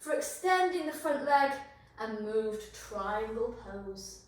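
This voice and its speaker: A high-voiced woman guiding a yoga flow, cueing each pose and breath with encouragement. She is out of breath from the effort. Her voice rings through a very echoey room, picked up from a distance. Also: animated, slow pace. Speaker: yoga instructor. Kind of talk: guided yoga class instruction.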